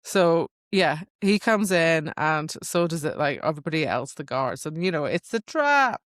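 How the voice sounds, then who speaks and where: Chatty podcast woman, kinda low voice, laughs a lot, dead dry mic. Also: sing-song, no echo. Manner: laughs often, quick recaps. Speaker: podcast co-host. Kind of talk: casual book chat.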